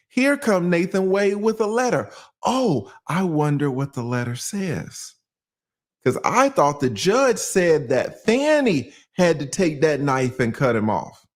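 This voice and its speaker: A male attorney giving casual legal commentary, telling it like a story with rhetorical questions and slangy asides. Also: fairly high pitch. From United States.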